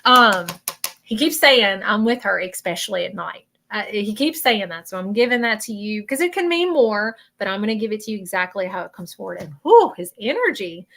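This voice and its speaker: A woman with a Southern American accent giving a live psychic reading, earnest and halting, often stopping to apologize. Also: medium pitch, very animated, a bit bright. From Southern United States. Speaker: psychic medium.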